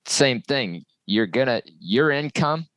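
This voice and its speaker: A man hosting a podcast, chatting casually and relaxed with his guest. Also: mid-range voice, takes it slowly, no echo. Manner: relaxed conversational, short affirmations. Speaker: podcast host. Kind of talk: casual interview chat.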